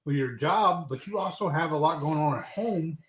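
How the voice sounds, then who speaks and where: A man's voice: fairly high pitch, normal speed, reverberant. A man co-hosting a cooking stream, chiming in with short supportive remarks and dry quips. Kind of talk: casual chat.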